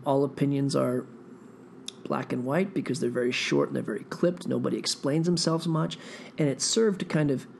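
A man's voice: medium pitch, creaky, a little mellow, slight background noise. A man rambling through a profane, meandering solo monologue, thinking aloud as a podcast host.

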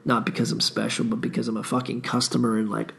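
Gravelly, husky-voiced tired man. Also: medium pitch, level tone, fast. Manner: profane, laid-back storytelling. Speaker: podcast host. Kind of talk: casual rambling monologue.

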